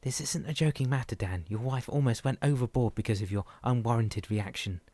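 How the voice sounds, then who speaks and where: A man's voice: mid-range voice, brisk, mellow, no echo, natural voice. Stern wooden-faced little boatman, read by a man, bossy and lecturing, dry close sound. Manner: lecturing, commanding.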